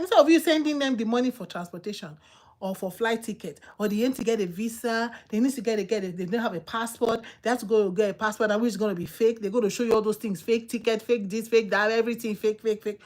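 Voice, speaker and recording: A woman with a Nigerian accent, hosting a channel and giving casual, emphatic advice that she repeats for effect. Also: a little high. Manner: emphatic, repetitive, preachy. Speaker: channel host.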